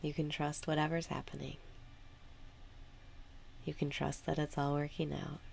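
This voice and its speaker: A woman guiding a meditation with calm, unhurried spoken instructions. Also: low voice, gravelly, slight background noise. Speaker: meditation guide. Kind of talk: guided meditation.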